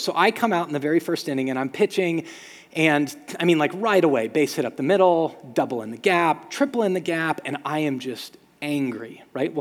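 A man preaching a sermon as pastor, telling stories with lively sound effects. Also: fairly high pitch, long reverb tail. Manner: storytelling, animated with sound effects.

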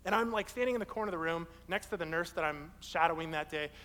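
A young man preaching a sermon in a casual, animated way, telling a personal story. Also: on the high side, fast, big-room sound. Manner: casual, animated, acts out quoted people in his story.

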